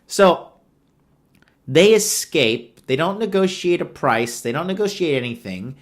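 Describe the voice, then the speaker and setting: A man's voice: a little high, expressive, measured pace. A man giving a sarcastic, profane rant of a movie review, retelling scenes with exasperation. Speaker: online commentator.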